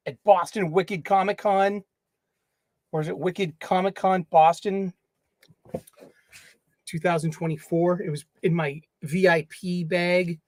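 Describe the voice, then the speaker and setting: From a home studio in the United States, a man runs a relaxed solo livestream, playful and full of jokes as he talks to the stuffed animals surrounding him. His voice is high, and there's no echo.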